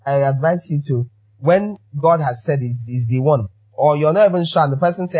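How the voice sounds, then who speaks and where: A man's voice: on the high side, fairly quick, darkish tone, breathy edge, highs cut off. A man preaching a sermon as pastor, emphatic and fond of repeating his phrases for effect.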